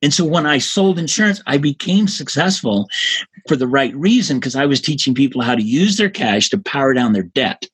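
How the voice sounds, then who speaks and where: A man in his seventies, a guest in a casual interview, telling stories in an energetic, emphatic way. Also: mid-range voice, moderate pace, slightly rough. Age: 70s.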